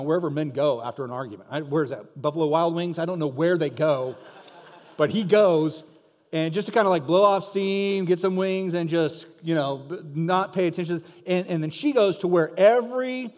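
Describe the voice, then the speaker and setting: A man preaching a sermon in a conversational, joking storytelling manner. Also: sits high. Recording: reverberant hall.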